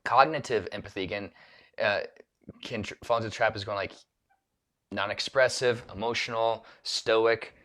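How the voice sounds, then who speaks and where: Male speaking coach, low-ish voice, loose rambling delivery with frequent restarts. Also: fairly even intonation, normal speed, a bit bright. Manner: rambling, self-correcting, with many restarts and filler words. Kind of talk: solo talk to camera on empathy.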